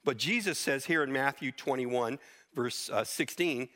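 Bright-voiced middle-aged male preacher. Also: medium pitch, measured pace. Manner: earnest, unscripted Bible teaching, with restarts and quoted verses. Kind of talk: sermon.

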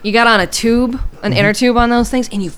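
A woman's voice: fairly high pitch, steady tone, fast talker, a bit bright, smooth. A woman co-hosting a podcast, chatting casually and telling a story in a teasing, talkative way. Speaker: podcast co-host. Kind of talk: casual chat.

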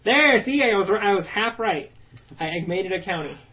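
A man co-hosting a podcast in casual, joking banter, animated and swearing now and then. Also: high-pitched, normal speed, lo-fi sound. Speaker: podcast co-host. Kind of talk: casual chat.

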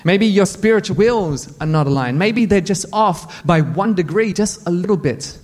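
A pastor preaching a sermon to his church, telling funny personal stories in an animated way. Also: sits high, moderate pace. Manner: animated, humorous storytelling. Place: church in front of a congregation.

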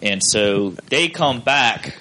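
A young man hosting a podcast, telling a story in a relaxed, profane way. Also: mid-range voice, slow, rough recording. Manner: profane, laid-back storyteller. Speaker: podcast host. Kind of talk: casual storytelling chat.

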